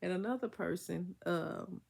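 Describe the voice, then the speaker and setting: A woman's voice: fairly low pitch, unhurried, gravelly, darkish tone, a little hiss or hum. A woman vlogger chatting to her viewers, telling a story in an emphatic, chatty, vernacular way while getting over an illness. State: congested, recovering from illness.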